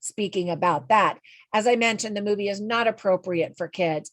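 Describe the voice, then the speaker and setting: A middle-aged woman talks through a film review in a frank, conversational way, chatty and quick to laugh at her own asides. Her voice sits at an ordinary pitch for a woman. It is close-miked and dry, with no room echo. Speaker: movie reviewer. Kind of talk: casual spoken movie review.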